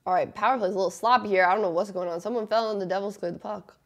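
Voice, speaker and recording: A young woman gives running play-by-play of a hockey game as she watches it live, her voice carrying a gravelly fry. She sounds exasperated and groans whenever the play gets sloppy. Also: medium pitch, fairly even intonation, racing.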